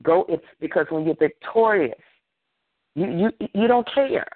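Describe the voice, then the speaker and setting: A man's voice: high-pitched, animated, measured pace, dry recording. A man leading a prayer line, exhorting with a fervent, repetitive preaching cadence over a phone call.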